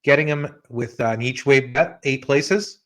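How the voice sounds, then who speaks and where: A man of middle pitch hosting a podcast in an easygoing, conversational way. He talks loosely and chattily, turning now and then to his co-host as he goes. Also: moderate pace. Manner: relaxed and chatty, addresses co-host by name. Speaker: podcast host giving betting picks. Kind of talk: casual podcast chat.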